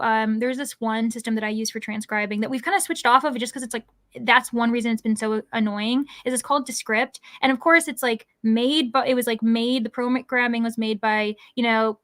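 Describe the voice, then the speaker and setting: A woman's voice: fairly high pitch, steady tone, moderate pace, a bit bright, dry recording. A woman hosting a casual livestream, chatting and reading viewer comments aloud, with lots of "like"s and laughs. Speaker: livestream host.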